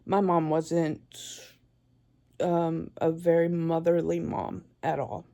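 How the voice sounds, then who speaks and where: A woman in her forties giving a tearful, halting vlog, crying as she talks. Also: low-pitched, monotone, warm tone. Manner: tearful, halting, with many pauses and restarts. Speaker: vlogger. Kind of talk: emotional personal vlog.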